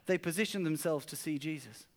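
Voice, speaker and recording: High-voiced pastor preaching. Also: male voice, fairly quick. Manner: earnest storyteller, often repeats words while speaking. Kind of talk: sermon. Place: church service.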